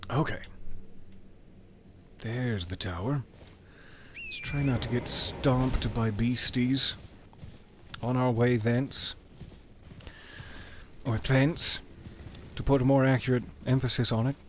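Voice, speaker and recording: A man chats casually over a desk microphone as he plays a video game, dropping wry, playful asides. His voice sits at a middling pitch. A faint ambient hiss lingers under the talk. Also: slow pace, pauses often. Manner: wry, playful banter with chat. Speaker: game streamer. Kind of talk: casual gameplay commentary.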